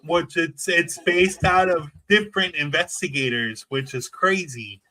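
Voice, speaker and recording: A man's voice: fairly high pitch, unhurried, pushed and bright. A man who is a paranormal investigator, chatting casually and eagerly with lots of filler words. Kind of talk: casual conversation.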